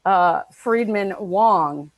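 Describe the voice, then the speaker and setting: A woman's voice: mid-range voice, drawn-out words. A woman from Buffalo, New York, interviewing a playwright with friendly, curious questions. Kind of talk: casual interview.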